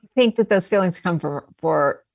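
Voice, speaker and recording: A woman's voice: lowish voice, lively intonation, moderate pace, vocal fry, a little mellow, no echo, muffled recording. A woman appearing as a guest therapist, answering questions in an earnest, explanatory way. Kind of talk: interview answers.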